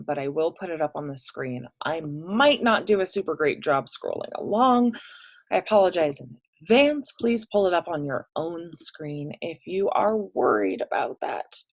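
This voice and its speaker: A woman's voice: lowish voice, sing-song, moderate pace, creaky. A woman teaching an English class in a recorded online lesson, chatty and self-deprecating, reading poetry aloud with relish. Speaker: high school English teacher.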